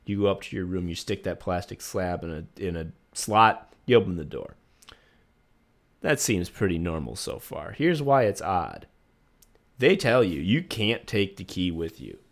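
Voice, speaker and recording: Rambling, profane male podcast host. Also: fairly low pitch. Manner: rambling, profane, jokey storytelling with many fillers. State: recovering from a virus. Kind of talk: casual chat.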